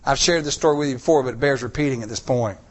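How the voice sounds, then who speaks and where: A man's voice: mid-range voice, rapid-fire. A middle-aged man preaching a story-filled sermon, acting out quotes in shifting voices.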